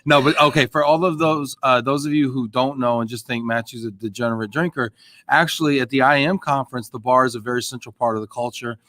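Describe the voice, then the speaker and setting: A man's voice: medium pitch, fairly even intonation, quick pace, a bit bright. A man hosting a live stream, upbeat and joking as he reads out viewer comments. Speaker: host.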